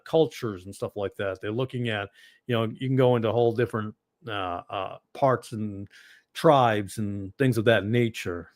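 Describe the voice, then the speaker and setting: Male ministry host with a Boston accent, middle-range voice, dry close sound, digressive chat style that flares up loudly. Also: mid-range voice, dry recording. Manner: rambling and digressive, with sudden loud outbursts. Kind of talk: casual livestream chat answering viewers.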